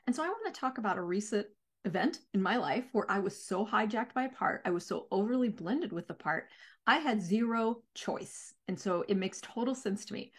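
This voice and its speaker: A middle-aged woman therapist speaking candidly in a reflective talk, lively and acting out her own inner voices. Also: mid-range voice, slightly rough.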